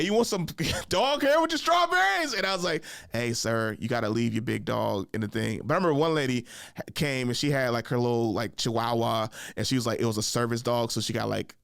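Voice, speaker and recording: A young man hosting a podcast, telling funny stories in a casual chat, jumping into high voices to act out other people and laughing along. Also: gravelly, no room sound, clean studio sound. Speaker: podcast host. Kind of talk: casual storytelling monologue.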